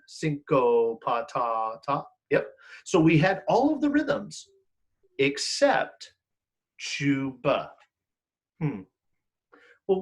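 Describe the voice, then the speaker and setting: Lively high-voiced music teacher man. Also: slightly rough. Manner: animated, encouraging, sings call-and-response songs. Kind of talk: online music lesson for children.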